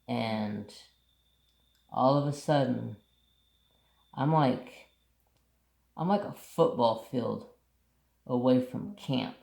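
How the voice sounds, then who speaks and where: A man hosting a craft channel, telling a story in a relaxed, rambling way and swearing casually. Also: mid-range voice, creaky. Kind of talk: casual storytelling while painting. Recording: roomy echo.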